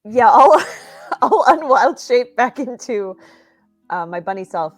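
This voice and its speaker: Brief: woman player, higher voice, slow and halting, faint music behind. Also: big pitch swings. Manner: hesitant, many ums. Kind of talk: playing a character in a tabletop game.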